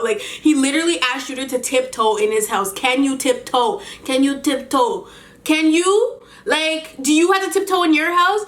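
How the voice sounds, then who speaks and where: An exasperated woman tells a storytime rant, her voice sitting a little high. She keeps firing incredulous rhetorical questions. The room around her is echoey. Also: a bit bright. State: pregnant. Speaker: vlogger.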